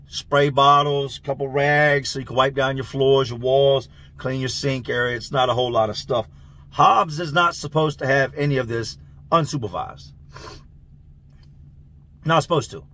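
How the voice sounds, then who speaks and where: A man telling a long story in a loose, slangy, animated way. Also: medium pitch. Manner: loose, slangy, animated, laughs through the tale. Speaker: channel host telling prison stories. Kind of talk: casual storytelling.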